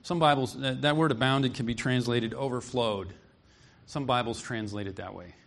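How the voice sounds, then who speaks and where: A man's voice: mid-range voice, normal speed. A man preaching an expository sermon, earnest and emphatic, reading scripture aloud and explaining it.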